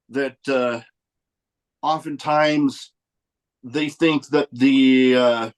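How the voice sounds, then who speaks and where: A man hosting a podcast, asking questions in a halting, unhurried way with fillers. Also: medium pitch, poor audio. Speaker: podcast host. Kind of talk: casual interview chat.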